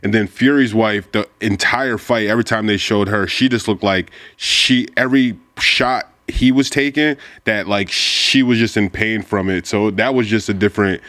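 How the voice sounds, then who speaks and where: Sex: man. Role: co-host. Style: casual sports chat. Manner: relaxed, halting, restarts often. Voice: lowish. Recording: dry, close sound. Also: no echo.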